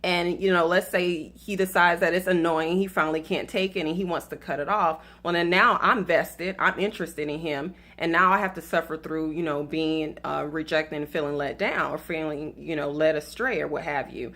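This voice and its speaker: A woman's voice: low-pitched, steady tone, moderate pace, hardly any pauses, a bit bright. Chatty woman with a Southern lilt. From Atlanta, US South. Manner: chatty, playful, laughs at her own story; addresses viewers directly as y'all. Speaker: dating advice vlogger. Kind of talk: casual faith-based talk to viewers.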